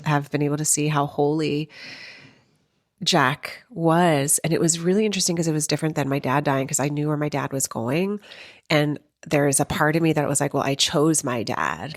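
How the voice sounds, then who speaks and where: A woman in her forties with a low, grounded voice delivers a heartfelt spiritual reflection on her podcast. She speaks tenderly and without hurry, with soft pauses and a tearful edge at times. The sound is close and dry, with no room around it. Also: no room sound. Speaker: podcast host.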